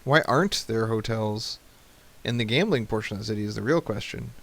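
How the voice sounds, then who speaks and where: A man's voice: fairly low pitch, animated, fairly quick, a bit bright. A man in his thirties hosting a let's play, chatting casually and joking at the game as he plays. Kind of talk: casual gameplay commentary.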